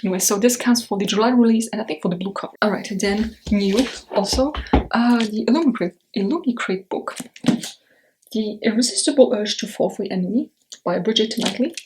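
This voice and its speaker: Woman book vlogger, mid-pitched, loose and rambly, talks straight to camera with blunt takes. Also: fairly quick, noisy background. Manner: chatty and rambling, blunt opinions, frequent fillers. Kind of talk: casual chat to camera.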